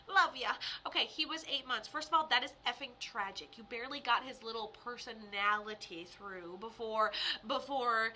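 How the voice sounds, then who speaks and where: Young woman, live-stream medium host; high, very bright voice; chatty and giggly. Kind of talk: casual live-stream reading.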